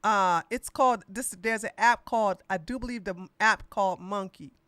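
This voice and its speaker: A woman's voice: mid-range voice, normal speed, a bit bright, dry recording. A woman hosting a political podcast, talking in a blunt, sassy, mocking way with lots of slang. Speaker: podcast host. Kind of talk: casual political commentary.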